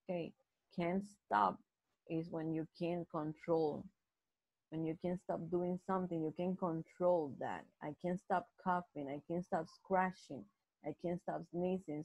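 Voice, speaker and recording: Woman teaching a slow English grammar lesson. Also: fairly low pitch, darkish tone, no room sound, poor audio. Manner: slow, repetitive explaining with frequent restarts. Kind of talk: live online grammar lesson.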